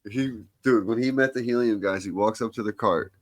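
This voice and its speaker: A man with a lowish voice and an Upstate New York accent tells relaxed stories about friends on a golf podcast. He keeps saying "bro" and "dude". The recording is dry and close. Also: fairly quick, no room sound. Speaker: podcast co-host. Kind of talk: casual storytelling.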